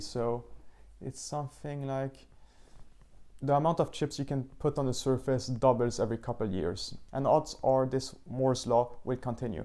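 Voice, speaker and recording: A man hosting his own book channel, giving a casual, slightly halting review and pausing to search for words. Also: mid-range voice, dark tone.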